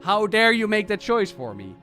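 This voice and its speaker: A man streamer chatting casually about game lore in an animated, ranting and profane way. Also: high-pitched, moderate pace, faint music behind.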